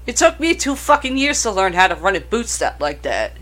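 A woman's voice: mid-range voice, sing-song, fairly quick, fairly bright tone. A woman co-hosting a casual chat about horror films, rambling and swearing freely. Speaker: podcast co-host.

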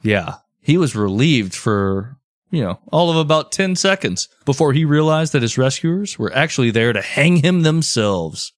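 Brief: male podcast storyteller, mid pitch, easygoing narration with comic asides, dry mic. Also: normal speed, no room sound. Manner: relaxed storyteller, drifts into joking asides. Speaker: podcast host telling the story.

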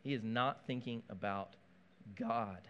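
A man preaching a sermon in a conversational, animated way, with asides and playful touches. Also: mid-range voice, measured pace, lo-fi sound, slight background noise. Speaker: pastor.

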